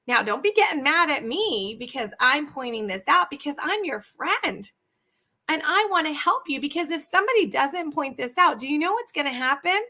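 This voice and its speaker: A middle-aged woman coaching her viewers on sales, animated and asking them many direct questions. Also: high voice. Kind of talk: live video coaching talk.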